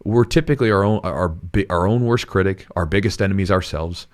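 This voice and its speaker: A man's voice: low-pitched, fairly quick. A man hosting a jiu-jitsu podcast, talking in an earnest, rambling way with frequent restarts. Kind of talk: casual podcast chat.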